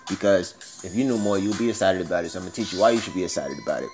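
Fast-talking, profane young man from Miami. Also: low voice, soft background music. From Miami, Florida, US. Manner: loose, profane, slangy, animated asides. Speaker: podcast host. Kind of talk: casual storytelling monologue. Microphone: phone recording.

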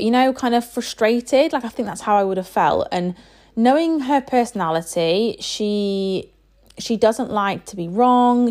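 A woman's voice: mid-range voice, a little mellow. A woman in her thirties, a parent chatting casually and rambling with lots of fillers. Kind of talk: casual chat.

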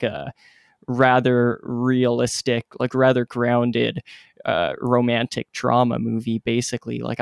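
A man's voice: medium pitch, vocal fry, clean tone, no room sound, studio quality. A man co-hosting a podcast, talking candidly and correcting himself as he goes. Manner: self-correcting, hesitant, candid. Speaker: podcast co-host. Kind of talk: casual podcast chat.

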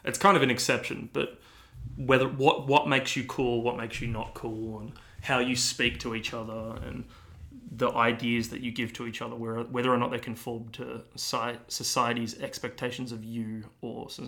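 A man's voice: mid-range voice, little pitch movement, normal speed, bright, forceful tone. A young man co-hosting a podcast, chatting casually with lots of fillers and restarts. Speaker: podcast co-host. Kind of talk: casual chat.

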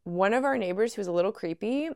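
A young woman tells her story in a chatty, animated way, laughing easily as she goes. Her voice is smooth and clear. The sound is dry and close, with no room echo. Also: medium pitch, quick pace. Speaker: podcast host. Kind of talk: casual storytelling. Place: at home.

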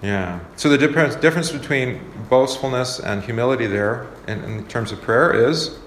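A man's voice: medium pitch, expressive, moderate pace, fairly bright tone. A man, a pastor, leading a casual Bible study, talking conversationally and often asking the group questions. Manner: conversational, asks the group questions, many fillers. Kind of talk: casual teaching talk. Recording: roomy echo, faint background noise.

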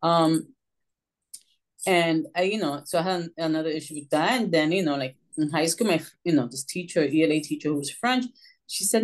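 A woman's voice: low voice, brisk. A woman from Puerto Rico with a Puerto Rican Spanish accent, Spanish her first language, telling her story as a guest in casual interview talk and acting out what she once asked. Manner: animated storytelling, acts out her own past questions. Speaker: guest author.

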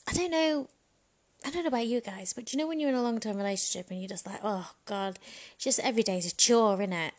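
A woman's voice: a little high, quick pace, a little mellow. A woman in a frank, bawdy comedic monologue, chatting casually and laughing often. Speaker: vlogger.

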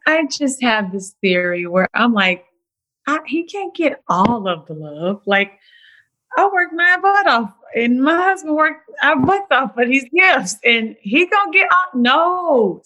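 A woman in her thirties chatting in a casual interview, telling animated stories and acting out the voices of family members. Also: sits high, takes it slowly, low-quality recording. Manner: animated storyteller, acts out voices. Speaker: guest, actress and producer.

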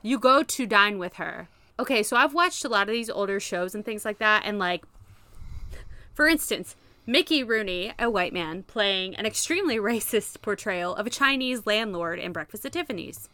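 Lively bright-voiced woman, dry close sound. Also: medium pitch, moderate pace, no room sound. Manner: animated, swearing, laughing often. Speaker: podcast co-host. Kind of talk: casual chat recapping an old sitcom.

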